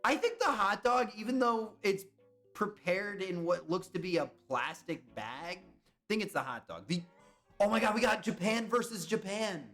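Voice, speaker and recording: A young man chatting casually on a live stream, excitable and swearing when he guesses wrong. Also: sits high, moderate pace, faint music behind. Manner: excitable, swears and yelps at misses.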